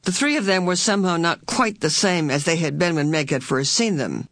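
A woman narrating an audiobook chapter in a steady, even storytelling voice. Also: lowish voice, fairly quick, no room sound. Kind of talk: scripted narration.

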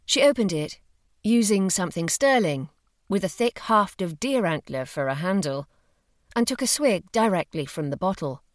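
Female audiobook narrator, expressive and measured, low-ish, animated, dry close mic. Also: dry recording. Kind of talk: scripted narration of a novel.

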